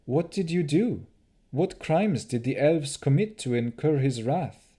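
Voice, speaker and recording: A man's voice: on the high side, animated, measured pace, dark tone, breathy edge, voice pushed up. A man reading an audiobook, voicing an earnest young woman, a half-elf heroine who asks anxious questions. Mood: questioning.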